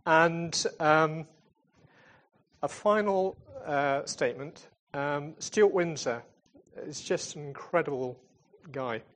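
With a fairly high pitch, a fairly bright tone and an unhurried pace, this man speaks over a little hiss or hum. He represents a charity in churches in an informal, chatty talk ending in prayer, telling stories with hesitations and restarts and calling himself a fun-loving comedian type.

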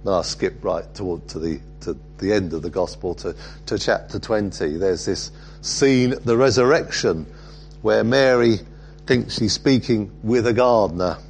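A man preaching a sermon, reflective and halting, with frequent fillers. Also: fairly low pitch, creaky, a little mellow, slight background noise.

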